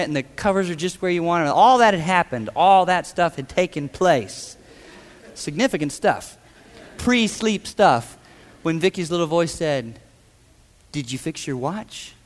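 A man preaching a sermon, telling a self-deprecating personal story with animated, humorous storytelling. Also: high voice, long reverb tail. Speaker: pastor.

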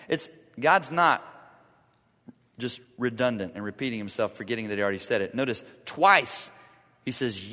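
A man preaching a sermon, reading scripture aloud and swinging from loud to hushed for drama. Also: mid-range voice, in a large hall. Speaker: pastor.

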